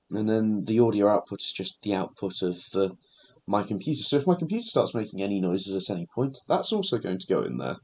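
A man's voice: medium pitch, darkish tone, breathy edge. A young man co-hosting a casual podcast, explaining things matter-of-factly. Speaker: podcast co-host. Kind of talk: casual chat.

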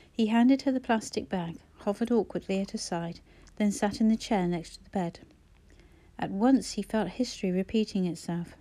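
A woman reading a novel aloud as narrator, calm and measured. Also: mid-range voice. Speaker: audiobook narrator. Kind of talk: scripted narration.

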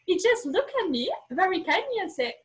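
A woman guest on a podcast, telling a candid personal story with animated, acted-out bits of dialogue; English is not her first language. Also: extremely high pitch, fairly quick, poor audio. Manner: animated, acts out quoted dialogue, frequent restarts.

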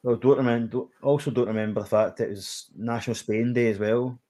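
A man's voice: medium pitch, fairly even intonation, a little fast, warm tone. A Scottish man hosting a podcast, leading the segments in a casual, easygoing football chat. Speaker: podcast host.

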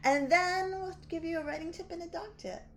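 A woman's voice: very high-pitched, fairly quick, fairly bright tone, a little hiss or hum. A woman hosting a podcast in casual, playful chat, laughing often, recorded outdoors at dinner. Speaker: podcast host.

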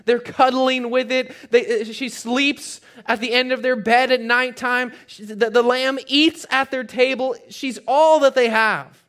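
Male pastor, high voice, animated sermon delivery with loud and hushed swings and light jokes for the congregation. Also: measured pace, hardly any pauses, smooth. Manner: light joking asides to the congregation. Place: church.

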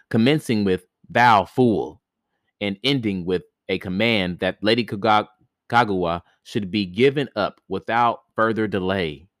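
He's a podcast host working through an old myth in a loose read-aloud, stumbling here and there and laughing at his own mistakes in between. His voice sits on the low side, captured at studio quality with no echo.

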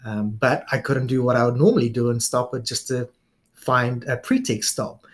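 A man's voice: medium pitch, moderate pace. New Zealand man, easygoing storyteller. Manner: relaxed storyteller, frequent fillers and laughs. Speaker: guest police officer. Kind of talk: casual interview chat.

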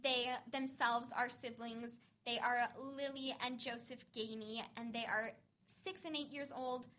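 A woman co-hosting a podcast, chatting in quick, bubbly banter and interviewing guests. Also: a little high, fairly even intonation, pushed and bright. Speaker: podcast co-host.

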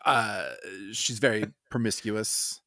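A man co-hosting a podcast in casual chat, lively and acting out quotes in silly voices. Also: on the low side, slow pace, no room sound, studio quality. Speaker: podcast co-host.

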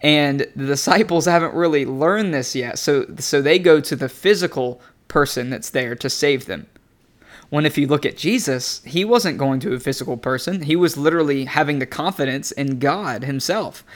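Animated, chatty young-sounding male preacher. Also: on the high side, moderate pace. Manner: animated, conversational, laughing often. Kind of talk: casual devotional teaching.

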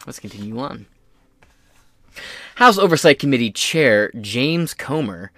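Male podcast host, lively and high-ish, crude joking commentary, dry close sound. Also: no room sound. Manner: rambling, profane, joking asides. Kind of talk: casual political podcast commentary.

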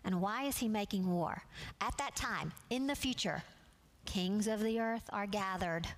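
A woman teaching a Bible study class from slides. She speaks in a measured, earnest way and leans on key words. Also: medium pitch.

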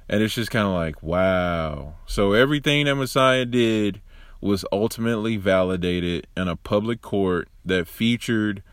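A man hosting a broadcast, giving casual, animated religious commentary with sarcastic asides. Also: fairly low pitch, smooth, dry recording, studio quality. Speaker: host.

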